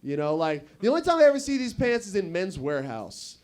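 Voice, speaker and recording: Young guy doing open mic standup, kinda high voice, crude rambling jokes, chats with the crowd. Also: very animated, brisk, darkish tone, a little hiss or hum. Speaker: stand-up comedian.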